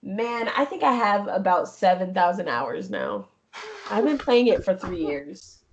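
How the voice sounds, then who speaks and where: A young adult woman, a gaming streamer, talking casually and expressively in an interview, often laughing and lively. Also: mid-range voice, unhurried, highs cut off. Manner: animated and expressive, jumps into quoted voices, laughs often.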